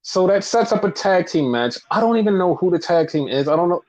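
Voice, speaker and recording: A man co-hosting a casual wrestling recap podcast, blunt and profane, talking in an animated, opinionated way. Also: high voice, fairly quick. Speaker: podcast co-host. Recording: dull lo-fi podcast audio.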